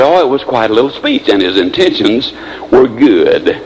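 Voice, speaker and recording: A man giving a motivational speech, telling stories in an animated way with big swings in pace and pitch. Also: normal speed, slight background noise, poor audio. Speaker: motivational speaker.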